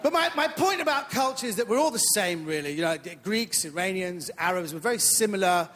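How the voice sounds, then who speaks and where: A man's voice: sits high, expressive, a little fast, a bit bright, a little hiss or hum. A man doing stand-up comedy on a theatre stage, chatty and self-mocking. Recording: echoey theatre hall.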